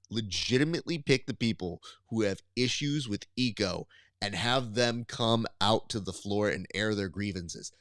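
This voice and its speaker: A man co-hosting a casual podcast, riffing animatedly and pitching ideas with mock appeals to the listener. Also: a bit bright, no echo. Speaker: podcast co-host.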